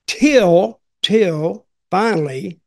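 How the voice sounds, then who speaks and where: An older man with a high-pitched voice hosts a podcast, speaking extremely slowly with vocal fry and a lively intonation. He tells folksy, rambling stories in a casual, chatty way and tends to repeat himself.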